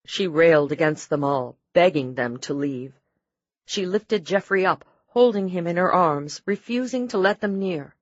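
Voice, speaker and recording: Low-voiced woman audiobook narrator. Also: a little slow, dry recording, lo-fi sound. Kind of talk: scripted narration.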